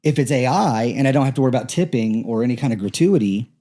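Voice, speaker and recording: A man of middling pitch co-hosting a loose podcast conversation. He jokes, laughs easily and likes to throw out provocative ideas. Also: animated, quick pace, dark tone. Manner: joking and laughing, playful provocation. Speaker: podcast co-host. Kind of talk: casual chat.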